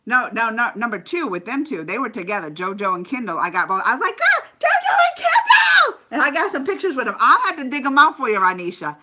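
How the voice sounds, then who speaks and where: A woman's voice: fairly high pitch, fast, hardly any pauses, very noisy. A woman vlogger telling stories in a casual live stream and chatting with viewers by name. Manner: animated storyteller, chats with live viewers by name.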